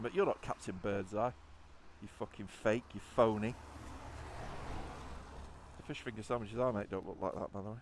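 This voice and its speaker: A man's voice: lowish voice, noisy background. A man, talking in a rambling, sweary, sardonic way on a rainy motorbike trip outdoors. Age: 50s. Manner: sweary, sardonic, wandering asides. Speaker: motorcycle vlogger. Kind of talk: rambling spoken vlog.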